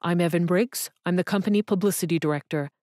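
A woman voicing a brisk, friendly male publicity director. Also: fairly low pitch, darkish tone, no echo, clean studio sound, close to an everyday voice. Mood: polite.

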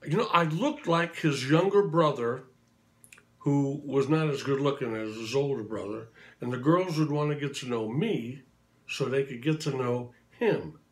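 Older guy spinning showbiz yarns, chatty and jokey, middle pitched voice. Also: unhurried. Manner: chatty anecdotal, acts out quotes. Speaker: tribute performer telling stories. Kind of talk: casual storytelling to camera.

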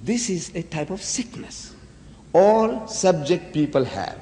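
A man's voice: sits high, animated, takes it slowly, dark tone. A man giving a dramatic religious lecture full of rhetorical questions. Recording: echoey hall.

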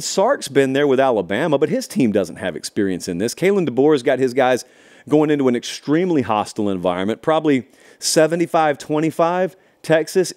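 A middle-aged man hosting a college football show, giving an animated, emphatic solo analysis with sarcastic asides. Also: mid-range voice. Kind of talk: solo sports analysis talk.

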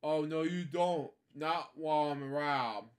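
A man's voice: fairly high pitch, unhurried, lightly acted. A man voicing a grumpy, stubborn little male leprechaun while reading a storybook aloud.

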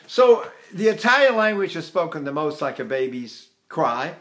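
An older man teaches singing technique, speaking animatedly, demonstrating vocal sounds, and chuckling as he explains. His voice sits on the high side, and he moves at a moderate pace with hardly any pauses.

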